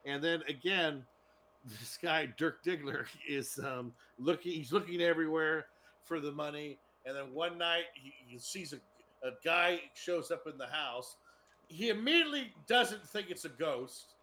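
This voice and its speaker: A man's voice: on the high side, animated, unhurried, sharp tone. A man in casual podcast chat, rambling and cursing as he retells a TV episode. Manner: rambling, profane, laughs while retelling. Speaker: podcast co-host.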